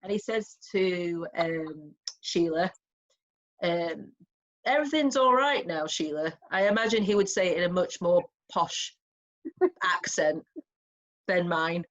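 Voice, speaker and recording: A woman with a fairly low voice explains a play to students in a relaxed revision chat. She is thoughtful and chatty, thinking aloud as she goes, and the lo-fi recording sounds dull and muffled. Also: slow, long pauses. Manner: thoughtful, chatty, with restarts and small laughs. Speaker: English teacher. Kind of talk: informal revision discussion.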